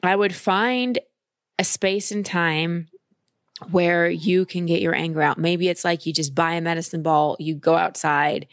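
A woman's voice: fairly low pitch, steady tone, unhurried, no room sound, studio quality. A woman giving a caller direct, emphatic emotional coaching in a conversation. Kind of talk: advice conversation.

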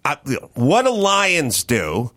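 A man's voice: on the high side, huge pitch swings, a little slow, sharp tone. A man ranting with heavy swearing in casual podcast chat. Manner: profane, ranting.

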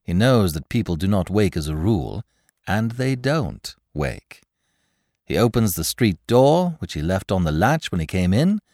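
A man voicing a flippant, theatrical aristocratic gentleman detective in a storybook reading. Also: on the low side, very animated, a little slow, no room sound, clean studio sound, heavily acted. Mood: animated. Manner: breezy, theatrical, whimsical. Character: flippant aristocratic young male sleuth.

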